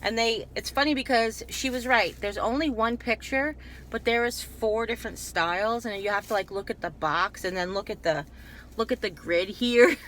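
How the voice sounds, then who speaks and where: A woman's voice: a little high, normal speed, fairly bright tone, a little hiss or hum. A woman talking casually in a rambling, chatty haul video, often breaking off and restarting her sentences. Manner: chatty, digressive, self-interrupting. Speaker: YouTube haul vlogger.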